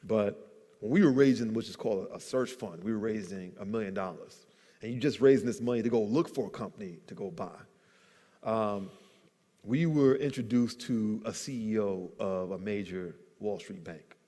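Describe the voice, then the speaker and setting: A man's voice: fairly low pitch, moderate pace, dark tone. A man telling a business story at a church event, acting out the people he quotes. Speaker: guest entrepreneur. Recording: long hall reverb.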